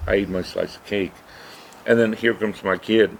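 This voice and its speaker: Middle-aged male podcast co-host, casual rambling storyteller, low voice, faint noise. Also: fairly even intonation, normal speed, gravelly. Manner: rambling, many "right?" asides.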